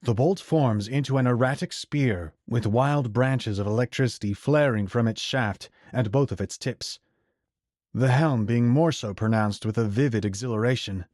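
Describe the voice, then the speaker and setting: A man narrating a fantasy audiobook in a measured, even storytelling voice. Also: medium pitch, dry recording, clean studio sound.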